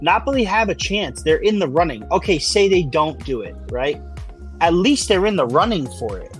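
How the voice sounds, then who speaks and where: A man's voice: a little high, sing-song, moderate pace, faint music behind. A man co-hosting a sports podcast, ranting in casual chat and repeating himself for emphasis. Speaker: podcast co-host.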